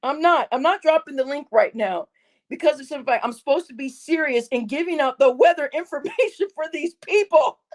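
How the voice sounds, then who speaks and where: Woman streamer, high voice, giggly and profane, keeps dissolving into laughter mid-sentence. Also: animated, fairly quick. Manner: giggly, breaks into laughing fits, swears a lot. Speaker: livestream host. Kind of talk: casual livestream chat.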